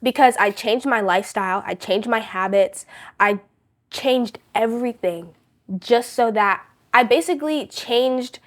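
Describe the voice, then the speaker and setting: A woman's voice: a little high, a little slow. A young woman as a podcast guest, telling a story with lots of "like" and fillers in casual chat. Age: young adult. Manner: animated storytelling with many fillers.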